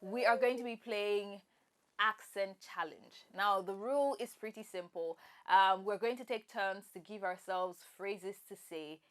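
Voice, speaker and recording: A woman's voice: medium pitch, a little slow. A woman co-hosting a casual chat show, playful and chatty as she leads a party game. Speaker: co-host.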